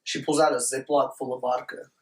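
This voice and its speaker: A man's voice: mid-range voice, brisk, recorded from a distance. A young man hosting a podcast, telling a rowdy story in a casual, profane way and acting out the people in it. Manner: animated, profane, quotes people in his story. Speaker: podcast host. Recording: echoey room, voice off-mic.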